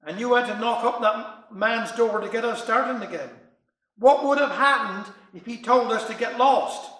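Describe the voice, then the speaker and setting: A man's voice: very high-pitched, moderate pace, sharp tone, reverberant. A man voicing a reproachful wife, nagging her husband. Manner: nagging, reasoning. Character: reproachful Cornish wife woken at night.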